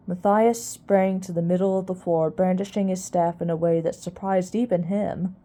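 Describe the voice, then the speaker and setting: A woman reading a children's novel aloud at an unhurried pace, with small restarts. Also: fairly low pitch, steady tone, dark tone. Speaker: reader.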